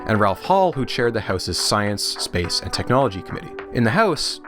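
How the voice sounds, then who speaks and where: Low-voiced man in scripted documentary narration. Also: big pitch swings. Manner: measured storytelling with dry humor. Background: music.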